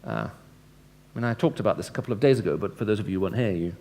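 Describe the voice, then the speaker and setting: Lower-voiced man giving a conversational talk. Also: expressive, fast, vocal fry, a little mellow. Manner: conversational, asks the audience questions; acts out dialogue with changing tone. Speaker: Christian speaker. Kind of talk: lecture-style evangelistic talk.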